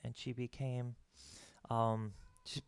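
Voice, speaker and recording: A woman's voice: very deep voice, flat delivery, slow, smooth, no room sound. A woman hosting a casual livestream interview, teasing her guest and laughing often. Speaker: host of a monthly composition masterclass.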